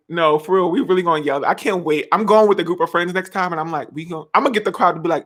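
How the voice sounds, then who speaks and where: Woman in her 20s, lively dramatic vlogger chatting to camera. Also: lowish voice, fast talker, few pauses. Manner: animated, dramatic, laughs often, sings snippets. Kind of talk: casual chat.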